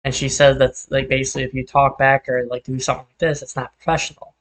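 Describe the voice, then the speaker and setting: A man's voice: mid-range voice, flat delivery, fast, a bit bright, poor audio. Young man, casual gaming chat, rambling, frequent swearing, venting about work. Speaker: streamer.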